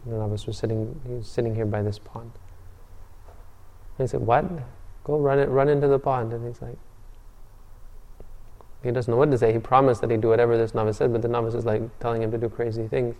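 A man's voice: mid-range voice, flat delivery, fast, pauses often, warm tone. A man giving a Buddhist dharma talk, telling a story in a conversational way with frequent restarts and fillers. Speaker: Buddhist teacher.

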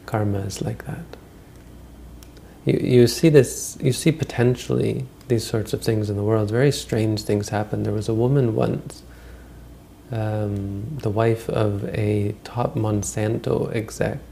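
A man with a low, gravelly voice gives a Buddhist dharma talk, wandering through old teaching stories. He speaks conversationally, often stopping and restarting mid-phrase. His tone stays mellow and dark, with faint background noise. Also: fairly even intonation, unhurried. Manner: rambling, conversational, frequent restarts.

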